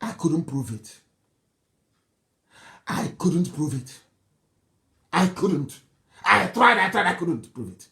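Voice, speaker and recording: A man's voice: high voice, sing-song, slow, vocal fry, long pauses, sharp tone. A middle-aged Nigerian man with a Nigerian accent giving a fiery, mocking live political broadcast in a sermon-like way. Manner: fiery, mocking, insulting, laughs scornfully.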